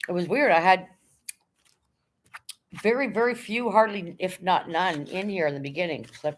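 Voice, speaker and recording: A woman's voice: lowish voice, normal speed, long pauses, a little hiss or hum. Chatty woman reading her stream chat. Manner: chatty, reads viewer comments aloud and thanks them. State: emotional, near tears when talking about her late dog. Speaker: livestream host reading chat. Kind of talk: casual livestream chat.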